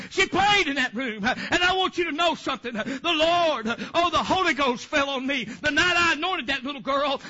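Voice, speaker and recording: High bright-voiced fervent preacher man. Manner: rambling, fervent preaching with many fillers. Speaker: pastor. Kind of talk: sermon. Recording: dull lo-fi recording.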